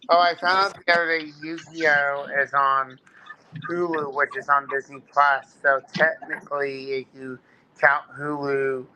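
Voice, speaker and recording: A man chatting casually on a live stream as a guest, talking slowly with a halting manner and frequent fillers. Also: fairly high pitch. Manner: slow and halting, many fillers. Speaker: guest Funko collector. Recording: noisy background.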